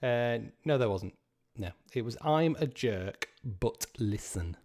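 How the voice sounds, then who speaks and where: Slow-talking, sweary pub quiz host man. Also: medium pitch, lively intonation, a little mellow. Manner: casual, sweary, repeats each question slowly. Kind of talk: live quiz hosting.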